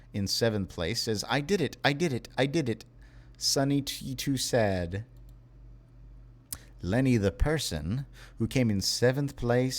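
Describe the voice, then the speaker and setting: A tired young man live-streaming, reading viewer messages aloud in a wry, unhurried way. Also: fairly low pitch, a little mellow.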